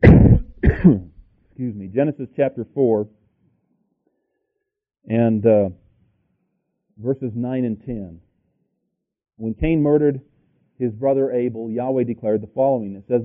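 A man's voice: medium pitch, unhurried, pauses often. Man preaching over a tinny tape. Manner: thinks aloud with restarts and fillers. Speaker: pastor. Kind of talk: sermon with scripture reading.

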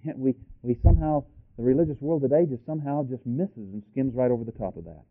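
A man preaching a sermon, firing rhetorical questions at the congregation and rising to loud, emphatic peaks. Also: medium pitch, quick pace. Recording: tinny phone-like audio.

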